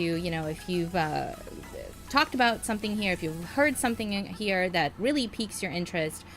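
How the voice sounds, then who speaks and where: A young woman co-hosts a casual podcast, bubbly and quick to giggle. Her pitch swings widely as she talks, and she often trails off mid-thought. Faint music plays behind her. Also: a bit bright. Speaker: podcast co-host. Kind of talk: casual chat.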